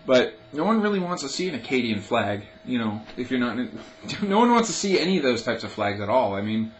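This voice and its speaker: A man's voice: mid-range voice, big pitch swings, fairly quick, soft background music, low-quality recording. A young man ranting on his own video blog in a casual, profane, sarcastic way, mocking things with jokey asides. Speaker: vlogger.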